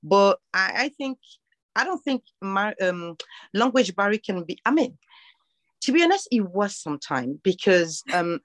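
A woman's voice: mid-range voice, a little slow, no room sound. A woman from Algeria whose first language is French, speaking English with a French accent and telling stories in a casual chat. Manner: animated storytelling, acts out dialogue.

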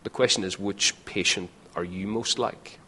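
Man, pastor, earnest sermon, low voice, bright forceful tone. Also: steady tone, moderate pace, husky. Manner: earnest, acts out imagined voices. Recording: long hall reverb.

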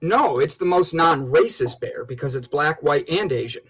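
An excitable man co-hosting a casual live stream. His voice is husky and sits high, swinging widely in pitch as he laughs and calls out names. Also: normal speed, rough recording. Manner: excitable, laughs a lot, shouts out viewer names. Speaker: livestream co-host.

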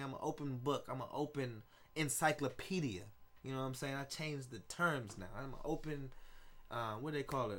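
A man, hosting a casual solo podcast in a loose, rambling, excitable way, swearing often. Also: mid-range voice. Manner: rambling, loose and excitable, with frequent profanity and laughs. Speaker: podcast host.

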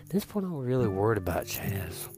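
A man telling a comic story in an animated way, stammering as he retells it. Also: lowish voice, fairly quick. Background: music.

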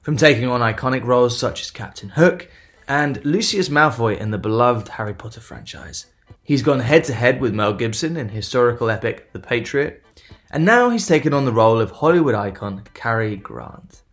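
A man hosting a podcast, talking in a relaxed, informal way in a casual interview chat. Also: mid-range voice, moderate pace. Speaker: podcast host.

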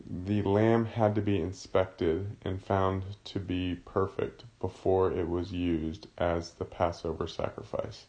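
A man's voice: on the low side, vocal fry, darkish tone. A man teaching a casual Bible study, explaining a passage in a conversational way.

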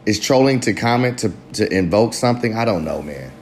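A man hosting his own podcast, talking in a profane, rambling casual monologue that swings between loud bursts and low mutters. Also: animated, a little fast, roomy sound, soft background music. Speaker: podcast host.

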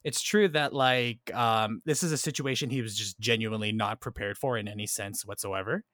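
A man's voice: lowish voice, fairly even intonation, moderate pace, fairly bright tone, dry recording. A man hosting a casual film discussion podcast, thoughtful and checking in often with "right?" and "like". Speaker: podcast host.

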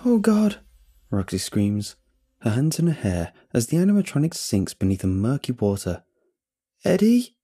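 A man's voice: on the low side, mellow, husky. A man narrating a horror story in a dramatic, tense first-person telling. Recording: faint music behind.

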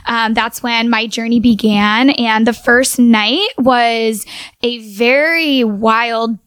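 A woman's voice: fairly high pitch, fairly even intonation, slow, fairly bright tone, clean tone, no echo. A woman telling a personal story in a casual, earnest way, with "like" filling many of her sentences. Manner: earnest, full of "like" fillers.

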